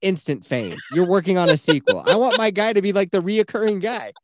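A man's voice: sits high, expressive, a little fast. Sarcastic, profane man, casual podcast chat. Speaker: podcast co-host.

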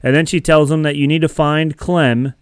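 Smooth-voiced man recapping a show. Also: fairly high pitch, fairly even intonation, moderate pace, dry recording. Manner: rambling, filler-heavy storytelling. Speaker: podcast co-host. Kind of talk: casual recap chat.

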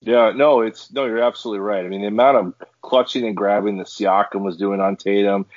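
A man's voice: on the low side, fairly even intonation, fairly quick, darkish tone, no echo. Man, angry sports podcast rant, emphatic, stumbling restarts, dry muffled sound. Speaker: podcast co-host.

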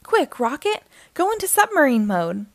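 A woman's voice: fairly high pitch, very animated, normal speed, no echo. A woman doing a bossy little boy captain. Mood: commanding. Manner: commanding, upbeat. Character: young boy team captain giving orders.

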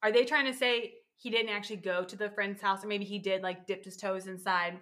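A woman co-hosting a podcast, chatting casually and working through theories out loud. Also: mid-range voice, steady tone. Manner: thinks out loud, builds theories in quick fragments. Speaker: podcast co-host. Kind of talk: casual chat.

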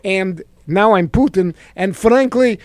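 A scheming Russian strongman, as a man puts him on speaks in broken, halting English. The voice sits fairly high. It is dry and close, with no room around it. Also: no echo. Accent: put-on Russian. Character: male Russian strongman leader, cold, scheming.

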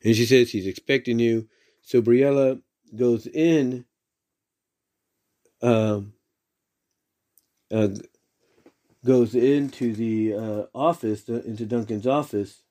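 A man talking through a story recap in a loose, unscripted way. His voice sits at a middle pitch for a man, and he keeps tripping over himself, backing up and filling the gaps with the same stock phrases. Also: fairly even intonation, slow, long pauses, mellow. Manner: rambling, many fillers and restarts, repeats "if you will".

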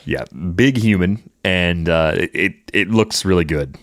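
Deep-voiced podcast host man. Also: a little slow, dry recording. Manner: relaxed, conversational, reads listener questions. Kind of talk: casual podcast chat.

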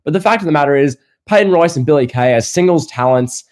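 A man's voice: on the high side, animated, fast, a little mellow. An Australian man hosting a casual wrestling podcast, firing off rhetorical questions with a sarcastic edge. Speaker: podcast host.

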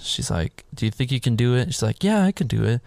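A man in casual podcast chat, retelling a film scene by scene and acting out the characters in higher voices. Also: quick pace, gravelly, dry recording, clean studio sound. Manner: animated, acts out characters' lines in higher voices.

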